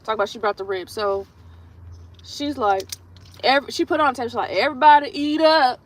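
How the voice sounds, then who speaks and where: A woman's voice: on the high side, moderate pace, poor audio. A woman hosting a nail livestream, chatting through a blunt, profane story in a casual storytelling way. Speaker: nail artist livestream host. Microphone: streaming setup while doing her nails.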